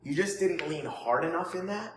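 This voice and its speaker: Energetic male sales coach, echoey room. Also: fairly high pitch, moderate pace, a little hiss or hum. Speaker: network marketing trainer. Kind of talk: coaching students, informal training. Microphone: phone. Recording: echoey room, faint ambience, phone recording.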